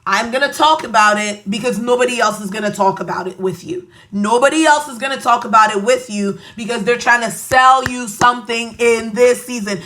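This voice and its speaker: A woman's voice: a little high, a little fast, sharp tone. A woman with a Nigerian accent hosting a podcast, giving an emphatic, preachy motivational monologue with playful asides. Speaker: podcast host.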